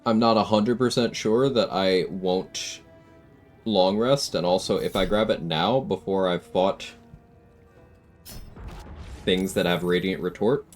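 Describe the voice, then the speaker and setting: A man's voice: deep voice, takes it slowly, pauses often, soft background music. A man streaming a challenge run, explaining his tactics in a casual, matter-of-fact way as he plays. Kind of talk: casual live-stream gameplay commentary.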